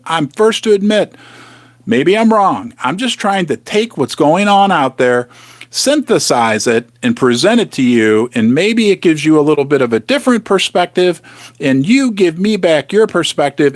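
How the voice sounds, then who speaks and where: A man's voice: fairly high pitch, no echo. A man hosting a casual live stream, chatty and teasing, sometimes dropping to a whisper for effect. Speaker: host of a precious-metals live stream. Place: home basement studio.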